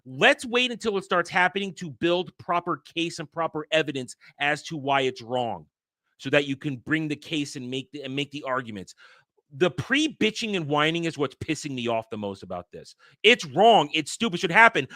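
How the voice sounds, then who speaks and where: A man's voice: on the high side, expressive, moderate pace, sharp tone, no room sound, studio quality. A man hosting a daily entertainment news show, reading headlines and giving blunt, profane, irritated takes. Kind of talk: casual ranting commentary on headlines.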